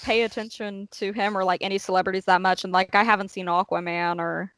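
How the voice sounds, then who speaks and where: A woman's voice: medium pitch, flat delivery, fast talker, a bit bright, no room sound. A young woman on a comedy podcast, talking hesitantly and offhand. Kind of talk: casual comedy podcast chat.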